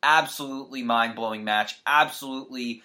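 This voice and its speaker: Podcast guest guy, average pitch, playful fake outrage, rambles and restarts. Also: normal speed, bright, forceful tone. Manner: mock-indignant, jokey ranting. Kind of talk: casual podcast banter.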